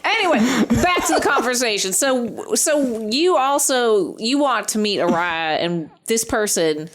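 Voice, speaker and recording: A woman's voice: fairly high pitch, expressive, a little slow, background noise. A woman playing a character in a tabletop game, chatty and joking. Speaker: player. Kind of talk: in-character tabletop role-play. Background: music.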